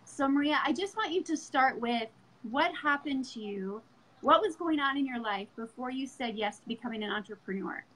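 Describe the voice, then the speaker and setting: A woman's voice: sits high, expressive, normal speed, a bit bright, rough recording. A woman hosting an interview, introducing her guest in an encouraging, motivational way. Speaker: interview host.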